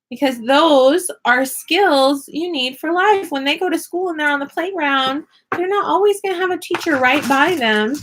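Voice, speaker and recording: A woman vlogging from her home classroom, chatting casually and upbeat with quick laughs while she crafts. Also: high voice, noisy background. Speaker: vlogger and online teacher.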